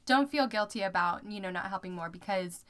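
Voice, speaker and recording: A woman's voice: mid-range voice, fairly quick, a bit bright. A woman co-hosting in a casual chat, talking reassuringly with friendly backchannels. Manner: reassuring, frequent "yeah" backchannels.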